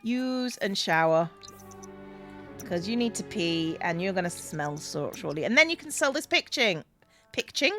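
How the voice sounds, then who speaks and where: Lively woman streamer chatting over gameplay. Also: medium pitch, moderate pace, faint music behind. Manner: scolding game characters, apologetic asides. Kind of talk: casual gameplay chat.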